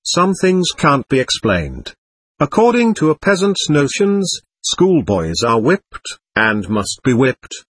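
A man's voice: a little high, huge pitch swings, slow, fairly bright tone, husky, no echo, heavily acted. A man voicing a bold, cocky teenage schoolboy who talks in a lofty, mocking way. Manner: lofty, mocking and self-assured.

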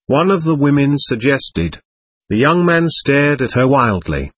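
A man narrating a classic novel in a measured, expressive reading. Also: medium pitch, slightly rough, no echo. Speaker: audiobook narrator.

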